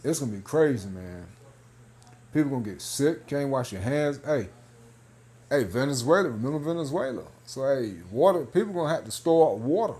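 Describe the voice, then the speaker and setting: A man's voice: medium pitch, normal speed, husky. A man with a mid-range voice talks through news items in a loose, casual way. He reads passages aloud, then riffs on them in a half-joking tone, throwing in plenty of "man" and "hey.". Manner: loose and animated, peppered with 'man' and 'hey'; half-joking, laughing between points. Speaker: religious video commentator.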